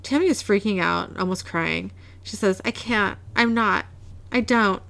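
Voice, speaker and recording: Speaking a little slowly in a mid-range voice that's a bit bright with vocal fry, a woman recaps a TV episode on her podcast. Her talk is casual, mixing narrated scenes and quoted lines with frequent laughter.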